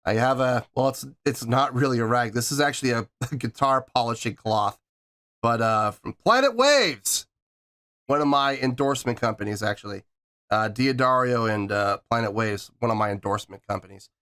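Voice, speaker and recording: A man with a medium-pitched, steady and fairly bright voice speaks briskly on his music reaction video. Emotional and teary, he chokes up while rambling earnestly and circling back to the same points.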